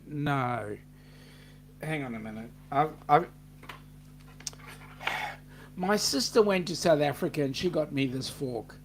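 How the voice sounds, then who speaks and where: A man's voice: a little high, expressive, slow pace, pauses often, slight background noise. A man with an Australian accent hosting a live chat, rambling and reading out viewer comments. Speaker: host.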